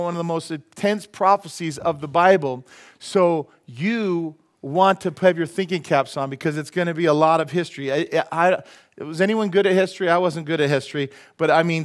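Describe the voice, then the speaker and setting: Folksy preaching man, slightly high voice. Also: fairly even intonation. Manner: casual, folksy preaching with quick asides. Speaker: pastor. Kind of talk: sermon. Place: church sanctuary.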